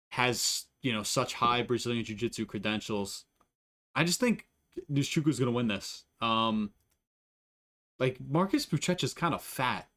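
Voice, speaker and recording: A young man running through fight picks in loose, rambling talk, swearing freely and cracking jokes as he goes. His voice sits at an ordinary middle pitch, and he trips over names, then laughs them off and moves on. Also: a bit bright. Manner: profane, rambling, jokey. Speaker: MMA fight analyst. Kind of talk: casual fight predictions.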